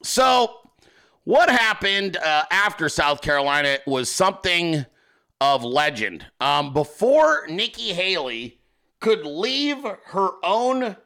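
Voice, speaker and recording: A male host giving excitable, profane political commentary, laughing often as he talks. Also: sits high, takes it slowly, gravelly. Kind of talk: casual commentary.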